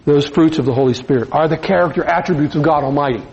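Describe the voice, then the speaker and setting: A man's voice: fairly high pitch, fast talker, breathy edge, lo-fi sound. Folksy conversational male preacher. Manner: conversational, folksy, dropping to soft emphasis. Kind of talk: sermon.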